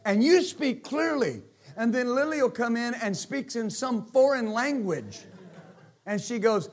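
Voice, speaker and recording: A man preaching a sermon as pastor, animated and joking, swinging from quiet asides to shouts. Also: very high voice, a little slow.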